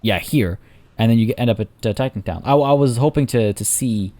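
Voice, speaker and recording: A man casually commenting as he plays a zoo-building game, rambling and chatty, often restarting sentences and filling pauses. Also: medium pitch, warm tone. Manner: rambling, chatty, self-correcting with fillers. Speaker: let's play host.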